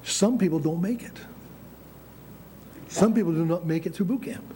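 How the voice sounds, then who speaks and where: This sermon comes from an older man from the United States whose voice is fairly high but mellow and relaxed, moving at normal speed. Restarting phrases and pressing points, he checks in with "Amen?" over a faint rumbling background.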